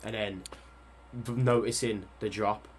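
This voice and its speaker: Relaxed male podcast host. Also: fairly low pitch, unhurried, slight background noise. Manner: relaxed, brief questions. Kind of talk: casual interview.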